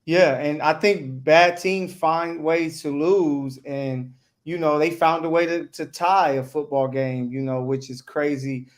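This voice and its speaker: Guy chiming in on a sports podcast, easygoing, voice a little high. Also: steady tone, a little slow. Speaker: podcast co-host. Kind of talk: casual sports chat.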